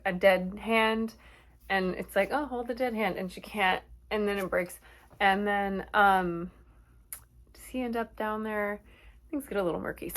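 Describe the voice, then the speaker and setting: A woman's voice: mid-range voice, fairly bright tone. A woman casually recapping a horror movie from memory, rambling and correcting herself with chatty asides.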